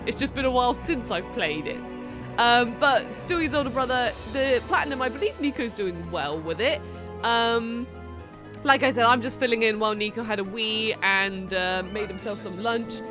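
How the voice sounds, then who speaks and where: A woman streaming a game, chatting playfully and reading viewers' messages aloud. Her voice sits slightly high. Game music plays clearly under her talk. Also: normal speed. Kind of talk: casual live game commentary.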